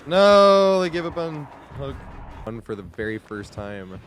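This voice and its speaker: A man giving gameplay commentary, sarcastic, breaking into yells and laughs. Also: fairly low pitch, animated, normal speed, slight background noise. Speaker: gaming YouTuber.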